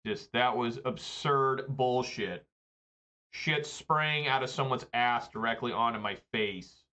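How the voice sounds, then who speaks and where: A man's voice: medium pitch, takes it slowly, bright, forceful tone. A man playing an online card game, commenting on his play in a profane, exasperated rant. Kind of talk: live gameplay commentary.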